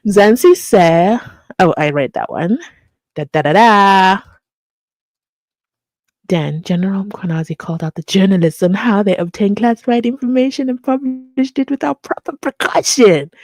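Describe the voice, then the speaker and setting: A woman's voice: medium pitch, normal speed, darkish tone, dry recording. Playful woman hosting commentary chat. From South Africa. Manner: playful, teasing, laughs often. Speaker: channel host reading viewer comments.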